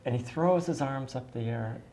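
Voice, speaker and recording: A woman's voice: rumbling low, normal speed, mellow. A middle-aged woman from the United States casually telling a personal story, effusive and rambling, with many restarts and fillers.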